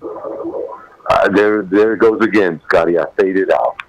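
A man in his sixties with a deep golden voice, a guest speaking by phone in a casual radio interview, halting with frequent pauses. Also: no room sound, poor audio. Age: 60s.

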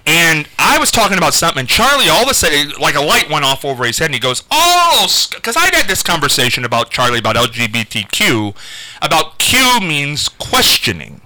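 A man's voice: a little fast, no echo, low-quality recording. A man hosting a radio talk show, telling a story in casual chat and jumping his voice up when quoting people. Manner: animated storyteller, jumps pitch for quotes. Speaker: radio host.

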